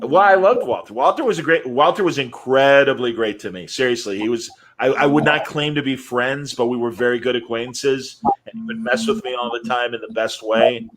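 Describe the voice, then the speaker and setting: A man's voice: mid-range voice, brisk, few pauses, fairly bright tone, slight background noise. Brash, swearing man on a video call. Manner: brash, swearing, mocking storyteller. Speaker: podcast co-host. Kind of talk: casual banter on a livestream. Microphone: video call mic.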